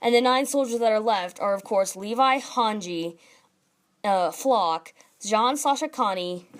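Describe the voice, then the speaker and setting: Excited young woman rambling a review. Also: on the low side. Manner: excited, rambling, many fillers. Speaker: manga reviewer. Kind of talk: casual spoken review.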